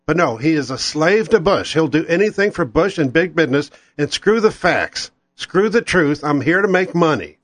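A man's voice: on the high side, expressive, normal speed, few pauses, fairly bright tone. A man hosting political talk radio, ranting angrily and sarcastically.

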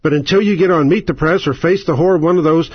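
Indignant ranting man, husky dull audio. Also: fairly high pitch, quick pace, dry recording. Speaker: political commentary host. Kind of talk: casual political commentary.

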